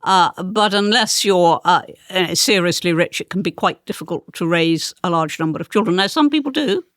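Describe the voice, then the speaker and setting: Speaking animatedly at a moderate pace, an older woman with a fairly low, fairly bright voice gives precise, emphatic answers as an interview guest. She is a former politician with an English received pronunciation accent and rolled R's. The conversational interview is a dry recording with clean studio sound.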